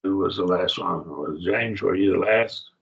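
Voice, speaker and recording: A man's voice: low voice, measured pace, vocal fry, fairly bright tone, highs cut off. A man teaching a college-level Bible study class, taking his time as he works through Greek grammar point by point and checking in with his students.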